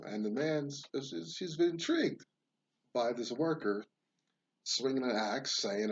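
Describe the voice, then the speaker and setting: A man's voice: medium pitch, measured pace, breathy edge, dull audio. A man hosting a casual monologue, rambling into a folksy parable and now and then doing voices for its characters. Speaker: podcast host.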